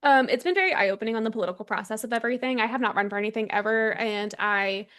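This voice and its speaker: A young adult woman from Texas speaks as a candidate in a relaxed interview. Her voice sits a little high, and she talks in a chatty way, often pausing on "um" and restarting her sentences. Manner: chatty, frequent ums and restarts. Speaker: congressional candidate. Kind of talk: casual interview conversation.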